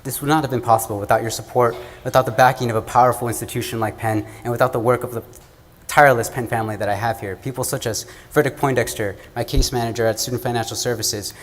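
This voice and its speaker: A young man from the American Midwest giving an earnest, measured, oratorical student speech at an event. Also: medium pitch, fairly even intonation. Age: young adult. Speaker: student speaker. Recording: long hall reverb, faint room noise.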